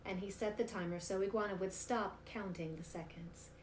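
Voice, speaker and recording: A woman reading picture books aloud for a storytime, in an expressive, animated way, recorded in a roomy space with faint noise. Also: medium pitch, moderate pace.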